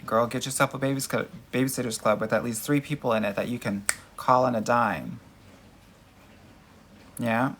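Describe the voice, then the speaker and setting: A man's voice: fairly low pitch, a bit bright. A man hosting a live dating Q&A, answering viewer comments in a sassy, emphatic way and calling his audience girl and honey. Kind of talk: casual livestream chat answering viewer comments.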